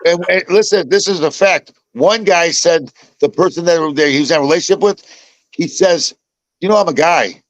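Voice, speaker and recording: Older man from Chicago, host, casual chat, rambling restarts, slightly high voice, dry close sound. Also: moderate pace, dry recording, rough recording. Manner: rambling storyteller, many restarts and repeats. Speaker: podcast host.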